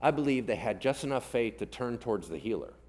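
A man preaches a sermon with a voice that swings widely and expressively in pitch. He tells the story casually, slipping into modern everyday voices for the biblical characters and checking in with his listeners for agreement. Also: animated, fast talker, a little mellow. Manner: addresses the congregation directly, asking for agreement. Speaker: pastor.

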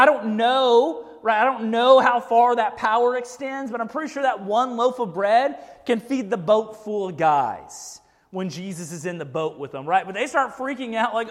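A man's voice: sits high, in a large hall. A man preaching a sermon to a church group in a casual, conversational way, often checking in with "right?". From United States. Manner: casual, keeps asking "right?". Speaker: pastor.

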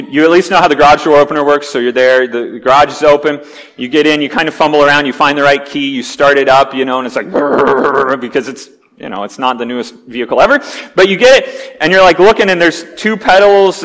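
A man's voice: a little high, moderate pace. A man preaching a sermon, telling a vivid story and acting out its scenes with growing intensity. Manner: animated storyteller, acts out scenes with rising intensity. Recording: long hall reverb.

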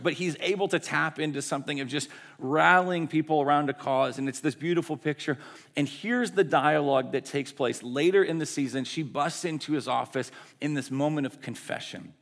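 A man's voice: mid-range voice, creaky, a bit bright, big-room sound. A man preaching a sermon, telling stories in a conversational, emotive way with casual asides. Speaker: pastor.

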